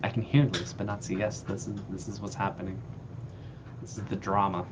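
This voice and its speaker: A man's voice: on the low side, steady tone, brisk. A man hosting a live stream off camera, bantering playfully and mocking himself. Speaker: stream host. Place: off-camera, remote. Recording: dull lo-fi audio with clear background noise.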